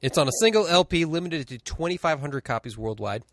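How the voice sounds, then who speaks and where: A man's voice: on the high side, expressive, brisk, fairly bright tone, no echo, clean studio sound. A man co-hosting a podcast from a record shop, speaking in a laid-back, jokey way and swearing casually. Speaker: podcast co-host. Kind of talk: casual chat. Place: record store.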